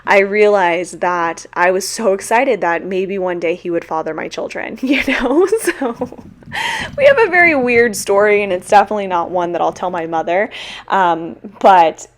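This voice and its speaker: A woman's voice: medium pitch, expressive, normal speed. A young woman who teaches, chatting casually through a Q&A on her own mic, self-deprecating and laughing often. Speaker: teacher and small-shop vlogger. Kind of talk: casual Q&A chat.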